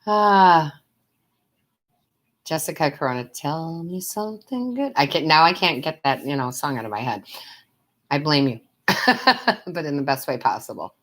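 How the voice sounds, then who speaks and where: A woman who is a tarot reader and medium gives readings on a live stream, chatting with viewers, calling them love and sweetheart, and laughing often. Her deep voice is a bit bright with lively intonation. She speaks a little slowly and pauses often.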